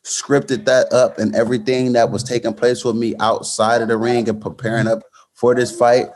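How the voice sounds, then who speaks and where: A man's voice: medium pitch, flat delivery, moderate pace, darkish tone. A man, a boxer as guest, telling a fight story in casual interview talk with many restarts and fillers. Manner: many restarts, storytelling, fillers like "you know what I'm saying".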